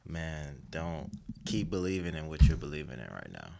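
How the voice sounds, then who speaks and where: A man's voice: a bass voice, sing-song, normal speed, gravelly, warm tone. A man from the East Coast answering podcast questions as a guest, easygoing with short laid-back answers. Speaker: podcast guest, community business leader. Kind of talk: casual podcast interview.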